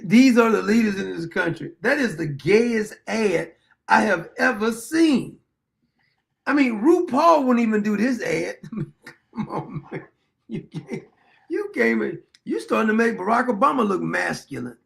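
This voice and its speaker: A man's voice: high-pitched, big pitch swings, measured pace, vocal fry, pauses often. A man hosting a livestream who laughs, exclaims and mocks the clips he plays. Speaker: livestream host. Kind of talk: mocking livestream commentary.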